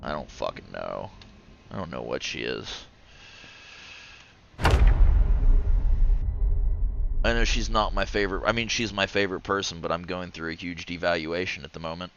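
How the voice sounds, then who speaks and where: A man chatting casually on a livestream, rambling and swearing, with sudden loud outbursts. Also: low-pitched, lively intonation, normal speed, gravelly, long pauses, muffled recording, background noise. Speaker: streamer.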